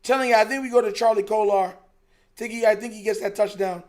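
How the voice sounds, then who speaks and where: A man's voice: high-pitched, fairly even intonation, quick pace. A young man hosting a live stream, reacting to a football game in casual, frustrated, emphatic chat. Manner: frustrated, emphatic, repeats himself, says "bro" a lot.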